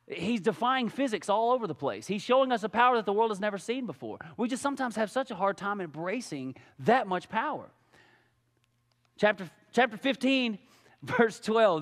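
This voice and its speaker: Pastor, male, very high lively voice, casual animated sermon, long church-hall reverb. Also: normal speed. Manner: animated, casual preaching with rhetorical questions. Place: church sanctuary.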